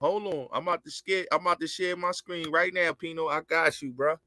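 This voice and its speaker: A man's voice: a little high, fairly even intonation, fairly quick, crowd noise. A man hosting a casual online show, chatting over a call, agreeing often and repeating himself. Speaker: show host. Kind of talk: casual video-call chat.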